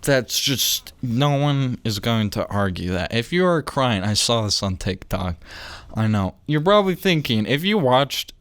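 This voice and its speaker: A young man hosts a casual podcast, rambling and cutting himself off with jokes and lost trains of thought. His medium-pitched voice is a bit bright, very animated and a little slow, with no room sound.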